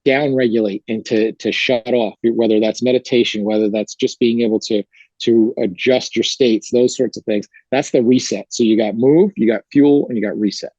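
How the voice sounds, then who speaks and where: A man's voice: medium pitch, steady tone, normal speed, mellow, husky, no room sound, highs cut off. A male fitness coach explaining his training approach in an interview, talking energetically with plain, repeated phrases. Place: gym.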